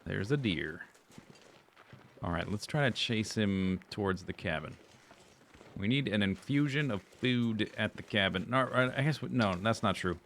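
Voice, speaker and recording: A man's voice: lowish voice, animated, measured pace, fairly bright tone, slight background noise. A man streaming a survival game, muttering sarcastic running commentary to himself. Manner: dry, sarcastic self-talk. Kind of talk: casual gameplay commentary.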